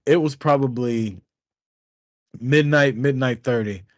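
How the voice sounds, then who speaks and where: A man's voice: medium pitch, takes it slowly, dry recording. Laughing, profane storytelling man. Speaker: podcast co-host. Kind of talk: casual storytelling chat.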